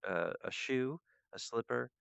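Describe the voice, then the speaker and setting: Unhurried and medium-pitched, a male show host talks through a loose solo monologue that wanders freely from one idea to the next. His voice is gravelly yet clear and resonant, a bit bright. The recording is dull, dry, and lo-fi, with no echo.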